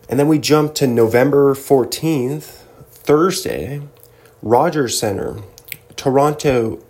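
A man with a medium-pitched, gravelly, darkish voice hosts a casual solo podcast, rambling and joking as he reads through a list and now and then slipping into silly mock voices.

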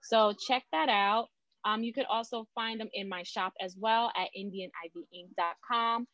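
A woman guest on a podcast, a small business owner chatting candidly and telling lively stories. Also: medium pitch, normal speed, dry recording, muffled recording. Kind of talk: casual interview chat.

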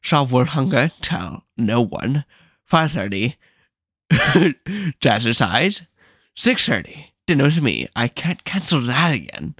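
A man's voice: mid-range voice, very animated, slow pace, fairly bright tone, slightly rough, dry recording, full character voice. A man voicing the Grinch, a grumpy, self-pitying male hermit creature, reading in a dry, sardonic way.

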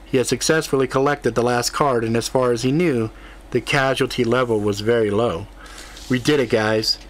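A male narrator reads a fantasy novel aloud at an even, steady pace. His voice sits right in the middle of the usual male pitch range, neither deep nor high. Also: a little fast. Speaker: audiobook narrator. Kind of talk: scripted audiobook narration.

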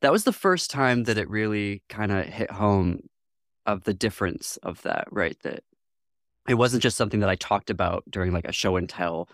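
This man's voice is on the low side and a bit bright, with lively intonation at a normal speed. A guest from Northwest Lower Michigan, US, in a reflective interview, he speaks thoughtfully, laughs often, and mimics quoted voices. It's studio quality with no echo.

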